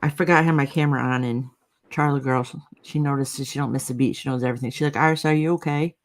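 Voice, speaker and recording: A woman's voice: very deep voice, fairly even intonation, quick pace. A woman co-hosting a casual livestream chat, agreeable and chatty, reading out comments.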